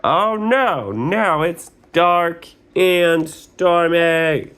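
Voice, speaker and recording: A man voicing a scared little boy ape who squeaks his lines high and wide-eyed. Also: drawn-out words, a bit bright, smooth, full character voice. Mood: frightened.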